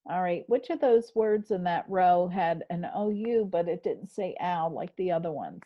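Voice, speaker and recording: A woman's voice: on the low side, animated, normal speed, dull audio. A woman teacher leading an online spelling lesson, patient and encouraging as she talks through what she does on screen. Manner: patient, encouraging, narrates her screen actions. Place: home, on a video call. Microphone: video call.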